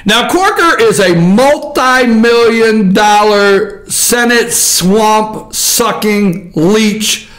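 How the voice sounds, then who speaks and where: A man with a high voice rants through a political commentary monologue as the show's host. He is combative and fiery, jumping from shouted outbursts to low, grumbling asides. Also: extremely slow, few pauses. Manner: ranting, combative, swings between shouting and muttering.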